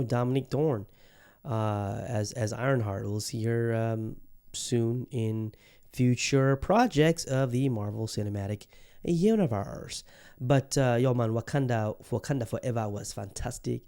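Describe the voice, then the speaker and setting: A man's voice: medium pitch, dark tone. A man hosting a podcast, reviewing a film in casual, rambling talk full of fillers, restarts and swearing. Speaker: podcast host.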